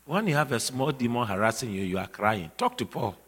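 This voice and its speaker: A man preaching a sermon emphatically, repeating key phrases and building to shouts. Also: mid-range voice, very animated, a little fast, breathy edge. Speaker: pastor. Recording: long reverb of a large hall.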